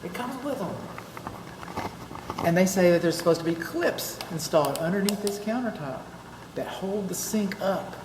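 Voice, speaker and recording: A Texas home inspector with a high-pitched voice talks at a normal speed, giving a client a folksy, chatty walkthrough full of joking asides. He's inside an empty new house, and the recording carries the echo of bare rooms over steady background noise.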